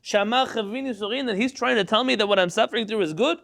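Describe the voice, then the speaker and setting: A man's voice: high voice, racing, vocal fry, a bit bright. A man teaching a Torah class, reading Hebrew text aloud, translating it line by line into English and quizzing his students.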